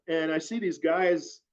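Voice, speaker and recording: A man's voice: a little high, slow. A man telling a long personal story as an interview guest, rambling and full of fillers. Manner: rambling, filler-heavy, animated retelling. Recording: dull lo-fi audio.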